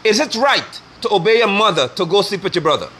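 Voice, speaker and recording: Fiery preacher, high and lively. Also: male voice, brisk, slightly rough. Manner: forceful, scolding, preaching. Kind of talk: fiery online sermon.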